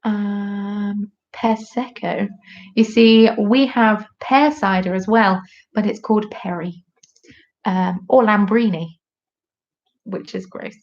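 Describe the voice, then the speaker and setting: A chatty British woman hosting a live stream, rambling from one joke to the next in a casual way. Her voice sits in an ordinary middle pitch. The audio is a little dull and lo-fi. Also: fairly even intonation, slow, a little mellow. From United Kingdom.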